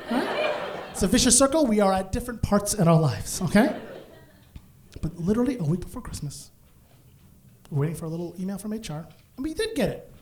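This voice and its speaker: A man from Africa performing live stand-up, telling an office story that keeps building and bursting into loud shouted punchlines. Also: high-pitched, fairly quick, pauses often. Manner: animated, escalating, bursts into shouts. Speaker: stand-up comedian. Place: stage before a live audience.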